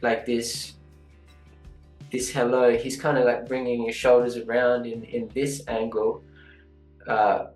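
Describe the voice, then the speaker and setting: A man's voice: mid-range voice, flat delivery, slow, pauses often, darkish tone. A man reviewing animation in a chatty, casual way, sometimes half-singing a line to show what he means. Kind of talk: casual teaching critique. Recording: echoey room with faint guitar music.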